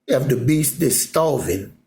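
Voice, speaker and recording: Gravelly rambling male vlogger. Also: mid-range voice, expressive, unhurried, dark tone. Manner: loose, repetitive, full of "you know what I'm saying". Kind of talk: rambling casual monologue. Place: at home in Alaska.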